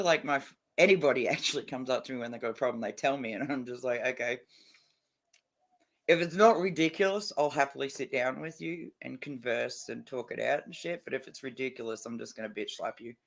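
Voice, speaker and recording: A man's voice: mid-range voice, gravelly. A man chatting casually on a livestream, blunt and heavily profane, a little drunk and stoned. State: tipsy and stoned.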